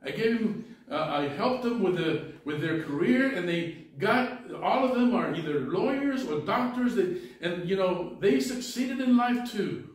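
A man's voice: fairly high pitch, slow, long pauses. A man voicing a bitter, lonely old man in his eighties who talks in a shaky, raised, pleading way. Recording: echoey church from far off.

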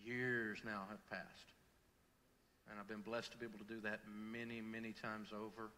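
A middle-aged man preaching a sermon, telling a personal story with swings from loud to hushed. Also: on the low side, level tone, moderate pace, long reverb tail, slight background noise. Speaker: pastor. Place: large church hall.

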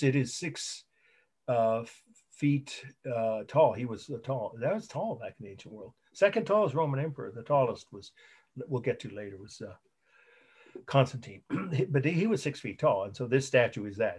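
A man's voice: mid-range voice, breathy edge. A middle-aged man giving a college art history lecture, rambling and correcting himself, spelling out terms letter by letter. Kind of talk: recorded online lecture.

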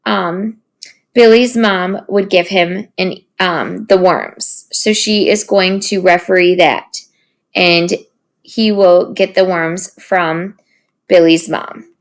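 A woman teacher reading aloud and walking through comprehension questions. She speaks slowly and patiently, with a few ums as she thinks. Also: lowish voice. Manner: slow, patient, with fillers.

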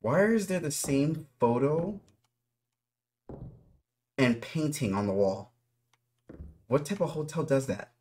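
A man's voice: a little high, expressive, slow, pauses often, darkish tone, a little hiss or hum. A man giving nervous running commentary while playing a horror game, talking straight to his viewers. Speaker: gaming YouTuber.

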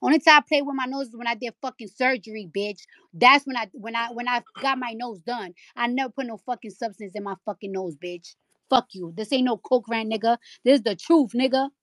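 A woman rapper hosting a live audio chat room rants angrily and profanely into a phone mic, repeating lines for emphasis. Her voice is a little high, brisk and fairly bright. The recording is dry.

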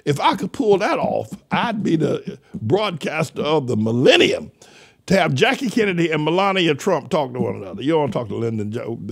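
A man's voice: on the high side, big pitch swings, normal speed, creaky, husky. An older man hosting a talk show, delivering rambling, mocking political commentary that trails off and restarts mid-sentence. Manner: mocking, sardonic. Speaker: radio show host.

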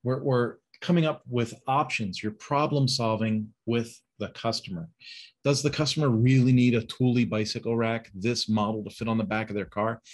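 During webinar instruction, a male sales and service trainer speaks at a moderate pace in a steady, medium-pitched voice. He coaches staff head-on, uses rhetorical questions and role-plays phone calls in quoted voices.

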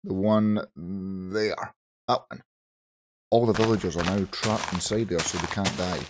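A Scottish man with a hoarse, groggy voice, chatting casually to viewers while playing Minecraft on his channel. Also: low-pitched, fairly even intonation, unhurried, noisy background. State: hoarse from shouting. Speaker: gaming channel host. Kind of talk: casual Minecraft let's play commentary.

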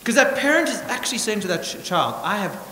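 Lively, high-voiced preacher in an echoey church. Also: male voice, quick pace. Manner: emphatic, wry asides, swings from loud to hushed. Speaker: pastor. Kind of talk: sermon. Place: church hall. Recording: echoey church hall with hiss.

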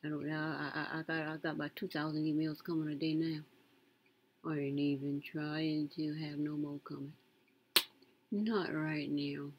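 A woman's voice: deep voice, flat delivery, normal speed, highs cut off, a little hiss or hum. A woman, casually commenting on a news story as she browses, muttering to herself and reading aloud with emphasis. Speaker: content creator reading news.

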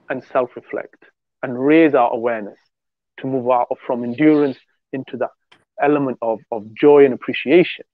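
A man's voice: mid-range voice, no echo. Man, rambling storyteller, dry tinny phone-like sound. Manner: rambling storyteller with many restarts. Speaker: podcast co-host. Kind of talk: casual religious discussion.

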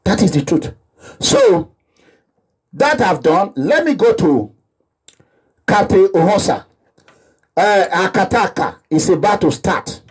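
Impassioned Nigerian man, husky high voice. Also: very animated, slow pace, pauses often. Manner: impassioned, repetitive, preaching in pidgin phrases. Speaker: activist vlogger. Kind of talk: animated monologue.

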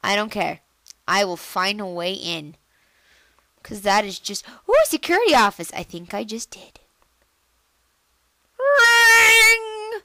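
A woman giving casual let's-play commentary on a computer game, chatty and excitable, jumping into squealy high bursts. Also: moderate pace, dry recording. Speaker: gameplay commentator.

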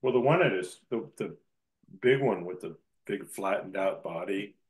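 A man's voice: low-pitched, normal speed, low-quality recording. A man chatting casually on a video call, reminiscing and admiring artwork. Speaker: artist in a group session. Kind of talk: casual chat.

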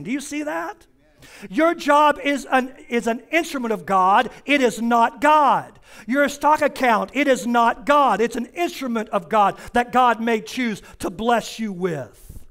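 High-pitched pastor guy preaching in church, repeats lines hard for emphasis. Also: fairly bright tone. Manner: emphatic repetition, slows down for stress. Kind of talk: sermon. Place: church sanctuary.

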